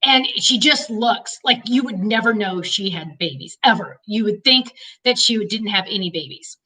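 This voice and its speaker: A woman's voice: mid-range voice, expressive, normal speed, bright, forceful tone, husky, far from the mic, low-quality recording. A middle-aged woman chatting casually in a personal vlog, rambling through stories and talking to her dog. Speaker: vlogger.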